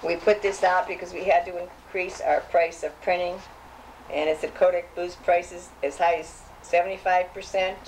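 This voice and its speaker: A woman's voice: on the low side, fairly even intonation, normal speed, a little mellow, a little hiss or hum, low-quality recording. An older woman reminiscing as she reads old clippings aloud, chatty and hesitant, with frequent restarts. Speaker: safety program founder.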